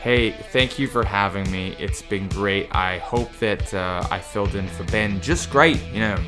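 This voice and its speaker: A man's voice: deep voice, fairly even intonation, measured pace, music in the background. A man guesting on a podcast, chatting cheerfully and joking about himself. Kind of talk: casual chat.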